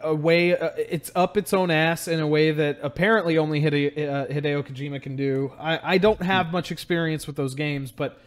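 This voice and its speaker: A young man hosting a podcast, chatting casually about games in a relaxed, rambling way full of fillers. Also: a little high, moderate pace, hardly any pauses. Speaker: podcast host. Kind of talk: casual chat.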